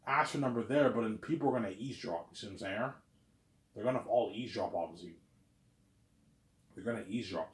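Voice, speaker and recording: A man's voice: fairly low pitch, a little mellow, echoey room. A man talking in a casual, rambling monologue, repeating himself and tagging lines with "obviously". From lives in Quebec, Canada. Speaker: vlogger.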